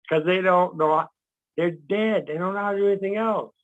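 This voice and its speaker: A man teaching in casual talk, animated, acting out quotes and laughing at his own jokes. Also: high-pitched, normal speed. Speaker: guest speaker. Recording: dull lo-fi sound.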